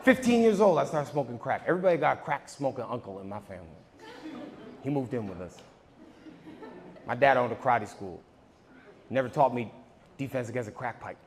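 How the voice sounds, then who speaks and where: Gravelly young man shouting stand-up jokes. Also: medium pitch, fairly quick, pauses often, a crowd in the background. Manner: loud, animated storytelling with bursts of shouting. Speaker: stand-up comedian. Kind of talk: stand-up comedy set. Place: large comedy venue stage. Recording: big hall with loud audience laughter.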